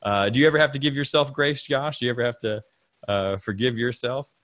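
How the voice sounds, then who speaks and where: Talking fairly quickly in a mid-range, slightly bright voice, this thirties-aged podcast host chats casually about faith over a video call. He wanders through thoughts on fatherhood, repeats himself, and laughs softly a lot, all in a dry recording.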